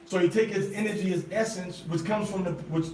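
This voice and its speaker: A man teaching scripture in a Bible study, slow and deliberate, asking his listeners repeated questions and sounding out Hebrew words one by one. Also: high-pitched, fairly even intonation, darkish tone, a little hiss or hum. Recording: roomy sound from a distant mic with faint ambience.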